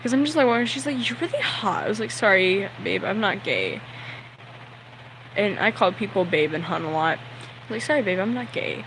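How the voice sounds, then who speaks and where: A man's voice: high-pitched, expressive, fairly quick, fairly bright tone, a little hiss or hum, low-quality recording. A young man telling a story on a livestream, nervous and sweaty, talking in a rambling way full of "like" and acting out the people in his story.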